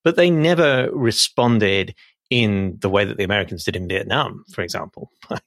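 A man speaks as a guest historian, building his points in a measured way with careful qualifications. His voice has a strong gravelly fry. The sound is dry, with no room echo. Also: on the low side, a bit bright. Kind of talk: casual history chat.

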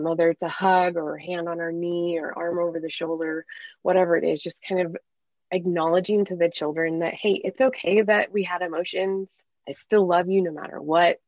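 Earnest woman coach explaining, low-pitched. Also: no room sound, lo-fi sound. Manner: earnest, explanatory, acts out quoted dialogue. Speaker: parenting coach. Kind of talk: conversational podcast interview.

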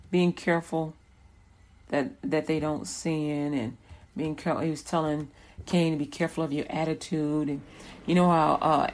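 A woman's voice: sits low, low-quality recording. A woman preaching a sermon with rhythmic repetitions that build in intensity.

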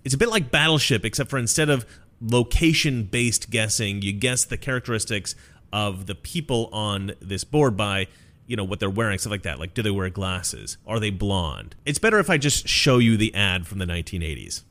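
A man's voice: on the low side, lively intonation, moderate pace, a bit bright. A man from America in his forties, casually commenting on comedy clips in a chatty, conversational manner. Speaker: video host.

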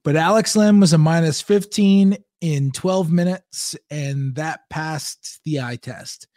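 Fairly high-voiced man thinking aloud. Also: takes it slowly, a little mellow, no echo, clean studio sound. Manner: thinking aloud, restarting and stumbling on words. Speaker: podcast panelist. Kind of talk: casual sports analysis.

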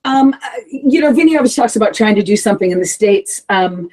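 A woman singer talking candidly in a casual interview, swearing freely and breaking into animated asides. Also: medium pitch, a little fast, poor audio. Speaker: heavy metal vocalist, interview guest.

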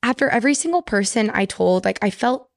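A woman's voice: fairly high pitch, lively intonation, fairly quick, creaky, no echo, clean studio sound. A young woman from Texas, a podcast guest telling a personal story in casual chat, full of "like" fillers.

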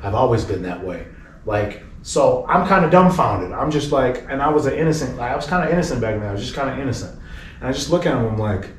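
A man's voice: medium pitch, fast. A young man, a podcast guest, telling a story in a casual, profane way and acting out the people in it. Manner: profane, animated storyteller who acts out the people in his story. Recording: roomy, distant mic.

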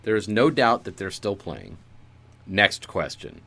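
A man's voice: fairly low pitch, sing-song, unhurried, gravelly, bright, forceful tone. A man in casual comedic chat, riffing improvised bits and swearing freely. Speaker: podcast co-host.

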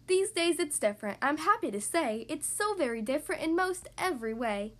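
A woman hosting a podcast and reading a picture book aloud to young kids, in a cheerful, expressive, sing-song manner. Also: high voice, brisk. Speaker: podcast host and storybook reader.

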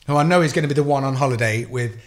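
An English man in his thirties, co-hosting a podcast and telling an animated, profane story in casual chat. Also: mid-range voice, rapid-fire. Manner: swears a lot, animated storytelling. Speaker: podcast co-host.

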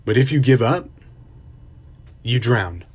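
A man voicing a stern older millionaire mentor, speaking low, calm and commanding. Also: slow pace, husky. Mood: calm, intense.

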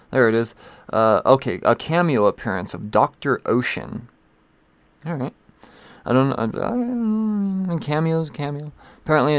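A man's voice: medium pitch, no room sound. A man hosting a casual rundown of new comic releases, rambling, stalling and swearing as he scrolls through his list. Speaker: comic book shop host.

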